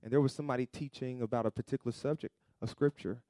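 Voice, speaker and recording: A man's voice: fairly even intonation, fast talker, dry recording, clean studio sound. Man preaching with call-and-response. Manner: call-and-response preaching, rising to loud emphatic peaks then dropping low; acts out quoted voices in asides. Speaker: pastor. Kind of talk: sermon.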